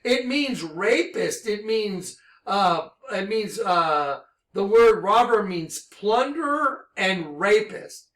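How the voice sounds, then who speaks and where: A man giving an impassioned religious monologue, intense and excitable, reading scripture slowly and emphatically, then telling his story at a rush. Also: sits high, echoey room. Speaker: religious speaker.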